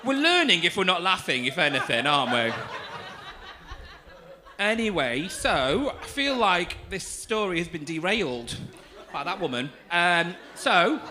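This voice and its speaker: A man's voice: high voice, pushed and bright. A young man doing stand-up comedy on a club stage, teasing the audience in a camp, cheeky manner. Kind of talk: stand-up comedy with crowd work.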